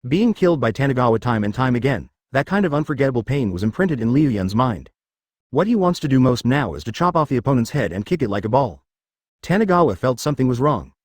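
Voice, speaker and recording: A man's voice: mid-range voice, big pitch swings, quick pace, no echo, studio quality. A man narrating a translated ninja fan-fiction story in a scripted, synthetic-sounding read.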